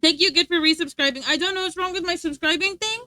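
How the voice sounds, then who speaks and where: A woman's voice: very high-pitched, quick pace, sharp tone. A woman streamer chatting casually and playfully with her live chat, laughing often.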